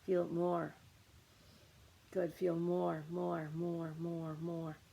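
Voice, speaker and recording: Slow, gravelly woman guiding a meditation. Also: fairly low pitch, level tone, dark tone, dull audio. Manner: slow, coaching, repeating short commands. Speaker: meditation guide. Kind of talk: guided meditation.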